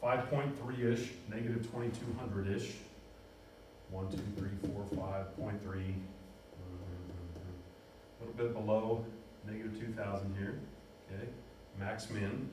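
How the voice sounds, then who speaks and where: A man's voice: on the low side, fairly even intonation, unhurried, pauses often, noisy background. Male math teacher, upbeat and self-correcting; heavy room echo, distant mic. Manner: upbeat, talks himself through steps, self-correcting. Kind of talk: classroom math lesson, working at a board.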